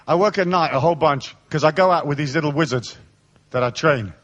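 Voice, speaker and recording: A man giving a live seminar, telling blunt, profane stories in a lively way. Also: fairly high pitch, fairly quick, dull audio. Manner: animated storytelling, blunt and profane. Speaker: seminar speaker. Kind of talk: live seminar talk with anecdotes.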